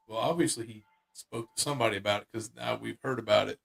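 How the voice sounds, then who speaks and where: A man's voice: fairly low pitch, steady tone, fast talker, creaky, hardly any pauses. A man casually retelling a secondhand paranormal story on a talk show, rambling with lots of fillers and restarts.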